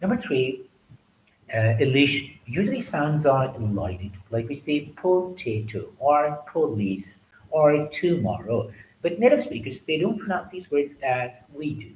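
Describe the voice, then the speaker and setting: A man's voice: fairly high pitch, big pitch swings, unhurried, darkish tone. A man teaching exam preparation, listing numbered points and repeating example words as he goes. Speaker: English test teacher. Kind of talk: lecture. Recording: echoey room with faint noise.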